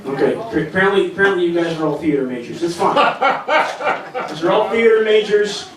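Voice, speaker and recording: A man's voice: sits high, expressive, a little fast, crowd noise. A man doing a rambling, self-deprecating stand-up set, stumbling and restarting as he goes. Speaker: stand-up comedian. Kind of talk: open-mic stand-up set. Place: comedy club stage. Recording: echoey club sound from far off.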